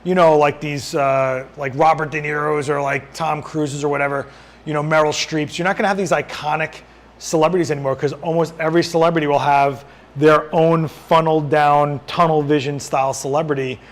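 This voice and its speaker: A man hosting a casual live-stream Q&A as a photographer, answering viewer questions while he adjusts his lights, his voice worn and going hoarse. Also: a little high, fairly even intonation, a little fast. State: losing his voice.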